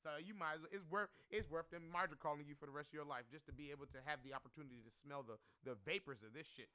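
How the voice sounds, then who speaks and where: A man's voice: a little high, quick pace, pushed and bright, clean tone. A man giving rambling, profane, slang-heavy commentary as a stock market live-streamer.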